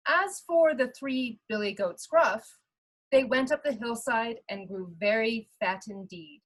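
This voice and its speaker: Female storybook reader, slow expressive read-aloud for children. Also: a little high, rough recording.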